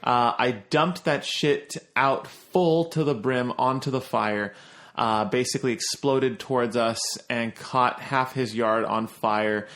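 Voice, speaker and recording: Gravelly man, animated podcast host. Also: medium pitch. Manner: animated, swears freely, jokey asides. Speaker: podcast host reading listener stories. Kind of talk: casual podcast chat.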